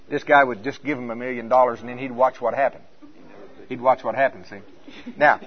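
An older man preaching a sermon in an animated way, breaking into high, laughing exclamations. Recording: dull lo-fi sound.

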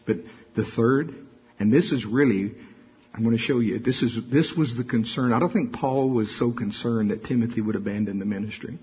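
A man preaching a sermon in a lively way, acting out quotes and stories as he goes. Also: on the low side, breathy edge, highs cut off. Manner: lively preaching, acts out quotes and hums a tune. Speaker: pastor.

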